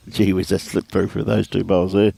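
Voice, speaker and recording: A man's voice: low voice, level tone, measured pace, gravelly, dark tone, breathy edge, dry recording. A man commentating lawn bowls in a laid-back, jokey way. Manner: laid-back, chatty, jokey, calls players mate.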